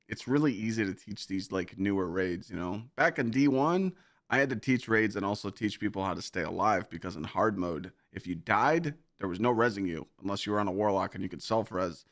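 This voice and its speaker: A man's voice: fairly low pitch, dry recording, studio quality. Laid-back rambling male streamer. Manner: laid-back, rambling, swears, many "you know"s. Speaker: game streamer. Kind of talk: casual chat with stream viewers.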